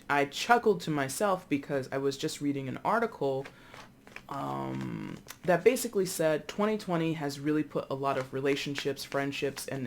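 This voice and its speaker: A chatty tarot reader talking casually through a reading, wandering off into examples and asides. The voice sits at a mid pitch and carries an easy, animated manner.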